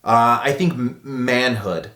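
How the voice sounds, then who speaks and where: A man in his thirties who vlogs in a relaxed, animated way and throws in "dude" and "bro" a lot. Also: mid-range voice, slow pace. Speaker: vlogger. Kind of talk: casual storytelling vlog. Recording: echoey room.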